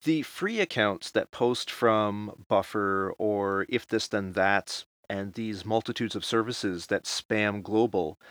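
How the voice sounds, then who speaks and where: A man hosts a casual podcast interview, asking his questions in a polite, measured way. His voice is low. The sound is dry, with no room around it. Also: no room sound. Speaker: podcast host.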